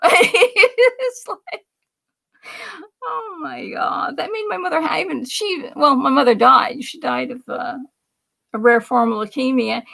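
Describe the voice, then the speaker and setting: Chatty high-voiced woman with gravel. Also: takes it slowly, a bit bright. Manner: chatty, reads viewer comments aloud, laughs often. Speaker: livestream host. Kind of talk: casual political commentary livestream.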